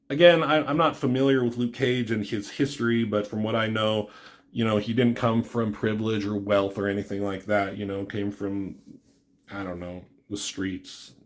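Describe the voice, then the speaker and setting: Rambling casual comic reviewer man. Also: fairly low pitch. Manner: rambling, filler-heavy, paraphrasing dialogue.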